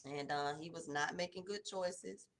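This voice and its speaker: A woman, telling a personal testimony in a casual, conversational way. Her voice drops low and soft in the emotional stretches. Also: moderate pace, a little hiss or hum. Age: 40s. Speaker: host of a morning devotional.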